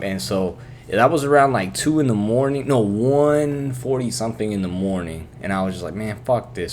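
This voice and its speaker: A man talks loosely and profanely, hosting his vlog from his bedroom. His voice sits on the low side, and a faint hum of noise runs underneath. His delivery is relaxed and rambling. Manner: laid-back, profane, loose storytelling. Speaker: vlog host. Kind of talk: casual rambling vlog chat.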